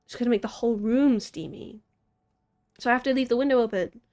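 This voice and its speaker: A woman's voice: on the high side, fast, darkish tone, faint music behind. Giggly, rambling American woman streamer. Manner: rambling, giggly, self-deprecating. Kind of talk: casual chat stream. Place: apartment room in a city. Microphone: desk mic.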